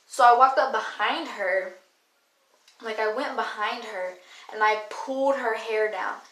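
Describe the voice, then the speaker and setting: A woman's voice: a little high, a little slow, pushed and bright. A young woman vlogger telling a story in a casual, blunt, slangy way, full of swearing. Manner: blunt, profane, slangy retelling. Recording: echoey room.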